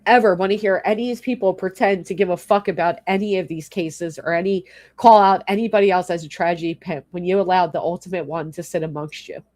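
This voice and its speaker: A woman's voice: fairly low pitch, steady tone, quick pace, a little mellow. Woman livestreaming, furious rant, heavy swearing, reads and thanks chat comments. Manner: angry, profane, exasperated. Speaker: YouTube livestreamer.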